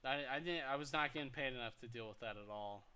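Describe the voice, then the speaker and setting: A young man co-hosting a podcast, telling work stories in casual chat, getting loud and animated when he quotes people. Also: mid-range voice, fast talker, clean tone. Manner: animated, rises loud when quoting people, stammers restarts. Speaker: podcast co-host.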